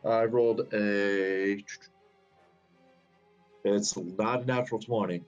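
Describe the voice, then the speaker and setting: A man playing a tabletop game talks casually in an unhurried, hesitant way, with lots of ums. His voice is on the low side and steady, and faint music sits behind a dull lo-fi recording.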